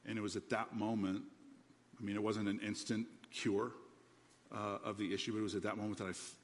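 A middle-aged pastor shares a personal testimony in a sermon, speaking candidly and conversationally with many ums. His lowish voice is flat and fairly quick, and the church auditorium gives the recording hall reverb and faint ambience.

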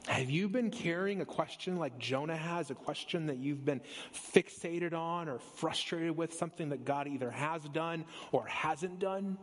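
A man's voice: on the high side, a little hiss or hum. Man preaching with dramatic pacing. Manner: preaching with sweeping shifts of pace and emphasis. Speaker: pastor. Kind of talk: sermon. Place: church sanctuary.

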